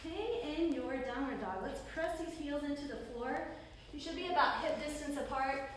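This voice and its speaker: A woman leading a yoga class, calmly cueing each pose in time with the breath. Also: high voice, moderate pace. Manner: calm breath-paced cueing. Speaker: yoga instructor. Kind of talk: guided yoga class instruction. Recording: roomy echo, distant mic, faint noise.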